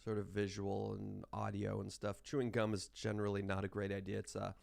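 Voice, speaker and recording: Male math instructor, relaxed lecture delivery, raspy low fry, chewing gum against a cough. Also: fairly quick, dry recording. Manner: informal, explains with asides. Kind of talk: class lecture.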